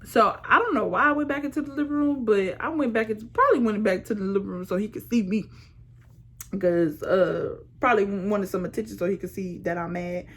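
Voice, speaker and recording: A young woman casually telling a storytime vlog with animated, slangy phrasing. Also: medium pitch, a little fast. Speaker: vlogger.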